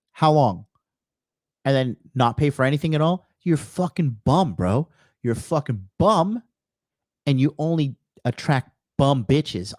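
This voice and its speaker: A man's voice: fairly high pitch, darkish tone, no room sound, clean studio sound. A man hosting a reaction video, mocking and insulting viewers with sarcastic, profane commentary.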